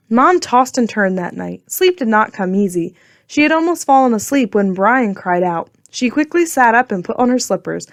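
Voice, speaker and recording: A woman reads a children's storybook aloud in a clear, gentle way. Her voice sits somewhat high. The recording is close and dry, with no room sound. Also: expressive, normal speed, no room sound. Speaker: audiobook narrator. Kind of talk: storybook narration.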